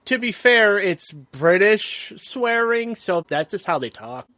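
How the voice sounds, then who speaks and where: A man's voice: high voice, big pitch swings, slow, pushed and bright, no room sound. A man co-hosting a casual film podcast, chiming in with wry, explanatory asides. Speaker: podcast co-host.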